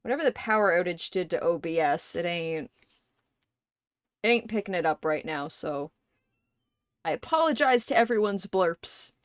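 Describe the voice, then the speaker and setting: A woman's voice: fairly low pitch, lively intonation, normal speed, pauses often, dry recording, studio quality. A woman live streamer in casual chat, thinking aloud at length and swearing offhandedly.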